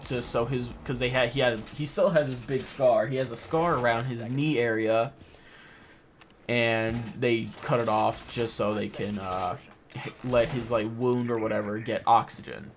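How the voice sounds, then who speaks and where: A man's voice: medium pitch, steady tone, normal speed. A young man, a gaming vlogger, talking casually and emotionally over gameplay. He rambles and leans heavily on "like" and "or whatever", and his voice wavers.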